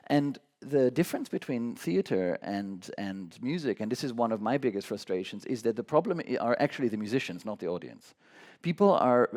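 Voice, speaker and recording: A man who conducts orchestras, talking quickly and passionately at a public talk, often restarting his sentences. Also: medium pitch, darkish tone. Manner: fast, passionate, many restarts and stumbles; talks too fast, admits it. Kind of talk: public conversation on stage. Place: academy meeting hall.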